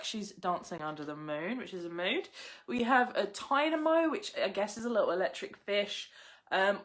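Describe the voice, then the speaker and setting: A young woman hosting a casual live unboxing, chatty and excitable, gushing over each card she pulls. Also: mid-range voice. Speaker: livestream host opening card packs.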